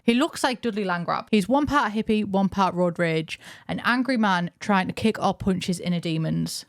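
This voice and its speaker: A woman's voice: medium pitch, normal speed, dry recording, clean studio sound. A young woman narrating a game lore video in a chatty, jokey way, full of playful asides. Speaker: YouTuber.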